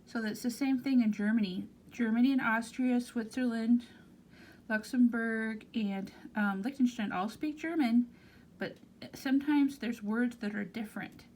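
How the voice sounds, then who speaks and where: American woman, German lesson, textbook read-aloud, English explanations, higher voice, faint background hiss. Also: unhurried, a little mellow. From United States. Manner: reads German then explains it plainly in English. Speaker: German teacher.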